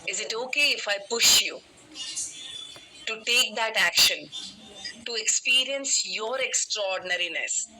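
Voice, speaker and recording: A woman, a motivational coach telling a story in an online session, animated and emphatic, speaking straight to her listeners. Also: fairly high pitch, unhurried, pauses often, rough recording.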